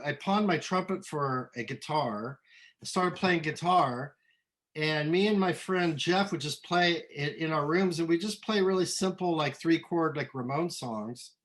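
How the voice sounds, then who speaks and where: Rambling middle-aged man, slightly high voice. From Southern California. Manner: relaxed, rambling, lots of ums and restarts. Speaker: musician guest. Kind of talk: casual interview.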